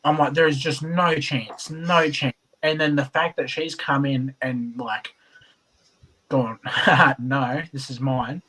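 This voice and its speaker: A man's voice: on the high side, steady tone, takes it slowly, sharp tone, slightly rough, poor audio. A man giving earnest interview answers, full of stumbling restarts. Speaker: competitor.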